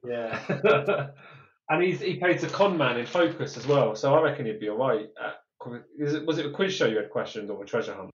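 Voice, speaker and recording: A man's voice: mid-range voice, animated. A man co-hosting a podcast, joking and rattling off ideas in casual chat. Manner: jokey, lists ideas quickly. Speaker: podcast co-host. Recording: roomy, dull-sounding mic.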